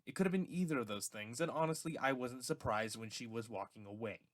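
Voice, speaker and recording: A man's voice: medium pitch, fairly quick, a bit bright, dry recording, clean studio sound. A young man narrating a first-person audiobook story in a casual, hesitant way, with stammers and restarts.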